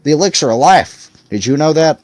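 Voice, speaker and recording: Chatty lecturing bar patron, storybook reading, voiced by the narrator. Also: male voice, fairly high pitch, expressive, fairly quick, darkish tone, no room sound, faint music behind, lightly acted. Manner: talkative, lecturing.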